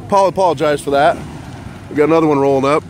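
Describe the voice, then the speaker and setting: Man, vlog host, rowdy car rant with cursing and barks, then quick apologies. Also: a little high, a little hiss or hum. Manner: rowdy, swearing, barking and yelling outbursts, repeated apologies. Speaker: vlogger. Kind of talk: casual vlog commentary.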